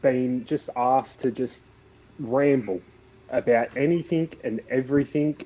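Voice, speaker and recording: A man's voice: medium pitch, measured pace, mellow, lo-fi sound. A man with an Australian accent, a guest on a panel, rambling in a dry, joking way with some hesitation. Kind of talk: casual panel chat.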